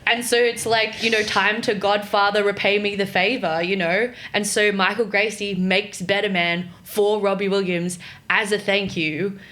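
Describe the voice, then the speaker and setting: A woman's voice: mid-range voice, steady tone, moderate pace, fairly bright tone. Woman telling a rambling anecdote. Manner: rambling anecdote full of "like" fillers. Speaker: podcast guest. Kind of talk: casual chat, storytelling.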